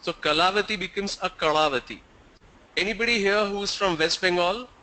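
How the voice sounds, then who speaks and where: Casting note: male teacher, Indian English accent, high and bright voice, patient explainer who repeats points and quizzes his class. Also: rough recording. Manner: explains slowly, repeats and asks students questions. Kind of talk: classroom lecture to an online class.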